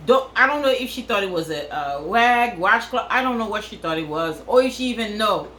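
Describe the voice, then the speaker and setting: A woman's voice: mid-range voice, animated, fairly quick, pushed and bright, roomy sound, a little hiss or hum, low-quality recording. A woman from Africa, telling a crude story in a casual vlog and repeating phrases for effect. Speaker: vlogger.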